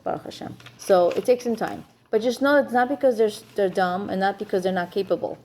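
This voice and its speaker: A woman's voice: mid-range voice, brisk, a little mellow. A woman teaching an informal class for women on marriage, chatty and frank, with humor.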